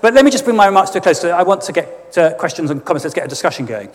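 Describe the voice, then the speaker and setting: A man's voice: high voice, very animated, very fast. A man giving an emphatic, sardonic political speech to an audience in a church. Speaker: guest speaker. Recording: long church reverb.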